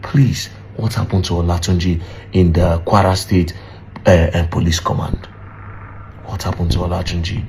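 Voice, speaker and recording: A man's voice: low voice, steady tone, normal speed, a little mellow. A man making an impassioned, pleading appeal full of rhetorical questions. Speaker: commentator. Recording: faint background noise.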